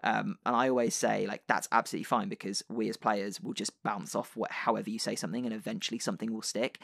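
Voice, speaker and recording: A man's voice: lowish voice, fairly even intonation, fast talker, creaky, a bit bright, dry recording, clean studio sound. A man hosting a podcast, chatting casually with lots of fillers and restarts. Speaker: podcast host and dungeon master.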